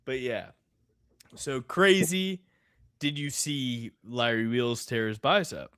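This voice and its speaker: A man's voice: medium pitch, takes it slowly, a bit bright, clear, resonant tone, dry recording, clean studio sound. A man co-hosting a casual sports betting podcast who tells stories animatedly and laughs mid-sentence. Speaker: podcast co-host.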